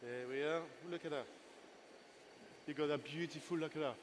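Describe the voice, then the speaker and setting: An older chef, in his sixties, gives a live cooking masterclass on stage at a moderate pace. His voice is a touch high for a man, and he trades playful chatter with his helpers and the audience. A soft ambient hum sits in the background.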